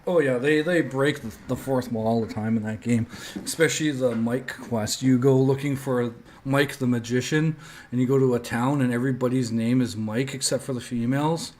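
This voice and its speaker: A man's voice: mid-range voice, steady tone, moderate pace, a little mellow, a little hiss or hum. A man rambling through casual gameplay commentary, with lots of filler words as he tells stories. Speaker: gaming streamer.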